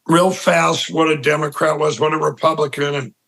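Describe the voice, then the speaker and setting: Guy with a highish voice telling a long story in an interview, lots of uh and um, plays out the other voices. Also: level tone, moderate pace, creaky, a bit bright, rough recording. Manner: rambling, with many fillers and restarts; acts out the people he quotes. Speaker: interview guest. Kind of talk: conversational storytelling.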